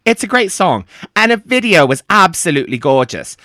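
A gushing, starstruck radio interviewer, played by a man in a comedy sketch. His tone is bright and his pitch leaps about. The sound is dry. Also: very animated, a little fast, dry recording, exaggerated voice. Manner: gushing, flustered.

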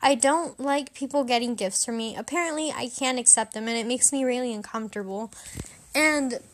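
High-voiced young woman telling a story. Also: brisk. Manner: rambling, self-deprecating, animated when quoting herself. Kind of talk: casual personal storytelling.

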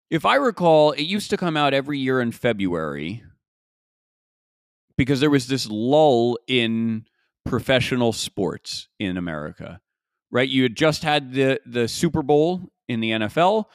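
A man's voice: mid-range voice, no room sound, clean studio sound. A man hosting a podcast alone, musing in a casual way and asking himself rhetorical questions. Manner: conversational, musing, frequent restarts and rhetorical questions. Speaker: podcast host. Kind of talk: casual solo commentary.

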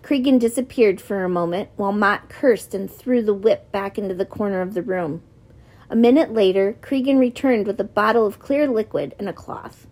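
A woman narrating a novel in the first person, in measured storytelling. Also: mid-range voice, a little mellow. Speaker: audiobook narrator.

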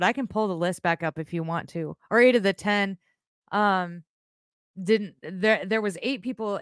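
A woman hosting a live podcast stream, chatting casually in a blunt, animated way, with rambling asides and swearing. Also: medium pitch, no room sound, studio quality. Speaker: podcast host.

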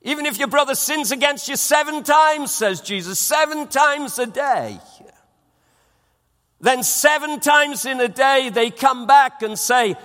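A man's voice: extremely high pitch, animated, a little slow, a bit bright, in a large hall. A man preaching a sermon as pastor, emphatic and repeating his phrases for weight. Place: church auditorium.

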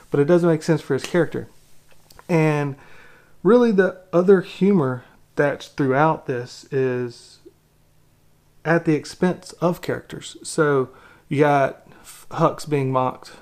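A man's voice: a little high, darkish tone. A man giving an opinionated movie critique, exasperated and ranting, with lots of rhetorical questions. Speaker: film critic.

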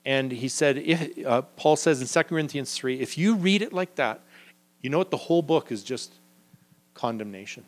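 A man giving a live Bible teaching to a group in a room, lively and acting out the people he quotes. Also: normal speed. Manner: lively, acts out quoted figures with sudden pitch jumps.

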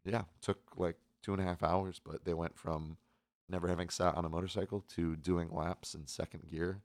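A man's voice: deep voice, normal speed, no echo. A young man hosting a movie podcast in casual, rambling chat full of fillers. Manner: relaxed, rambling, many fillers. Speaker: podcast host.

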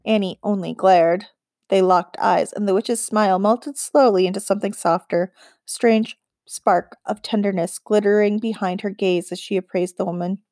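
A woman narrating a children's fantasy novel as an audiobook, in a measured storytelling read. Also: medium pitch, fairly even intonation, a little mellow, no echo, clean studio sound. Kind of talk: scripted narration.

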